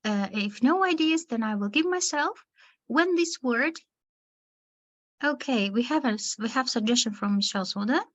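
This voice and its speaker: A woman teacher trainer leads an online lesson for teachers, speaking slowly and deliberately and pausing between words to show where stress falls. Her voice is fairly high and a bit bright, with lively intonation.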